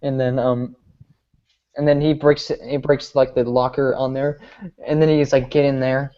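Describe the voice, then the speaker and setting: A young man retells a movie plot in a loose, rambling way, full of fillers, jumping into quick impressions of the characters. The audio is muffled and lo-fi. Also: mid-range voice, level tone. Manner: rambling, filler-heavy retelling with mimicked quotes. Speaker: podcast host recapping a movie. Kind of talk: casual chat.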